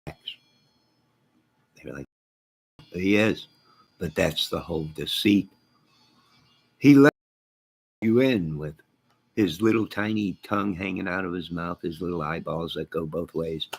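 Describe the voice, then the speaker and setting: A middle-aged man hosting a casual livestream, reading viewer comments aloud, rambling and joking deadpan with sudden loud outbursts. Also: unhurried, pauses often. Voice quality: gravelly, husky low voice.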